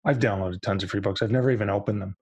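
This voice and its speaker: Husky-voiced man chatting animatedly. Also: fairly low pitch, very fast, no room sound. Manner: animated, acts out quoted voices, frequent restarts. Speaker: podcast guest, publishing industry veteran. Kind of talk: casual podcast conversation.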